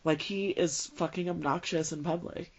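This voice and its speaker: A woman's voice: lowish voice, steady tone, moderate pace, darkish tone. A woman hosting a podcast, chatting casually with swearing and frequent laughter. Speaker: podcast host. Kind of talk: casual chat. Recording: dull lo-fi recording with faint noise.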